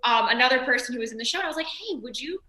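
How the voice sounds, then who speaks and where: A woman guest on an interview podcast, telling stories with lively acted-out quotes. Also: fairly high pitch, rapid-fire, reverberant. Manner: animated storyteller, acts out quoted voices. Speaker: actress and series creator, guest. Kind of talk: casual interview chat.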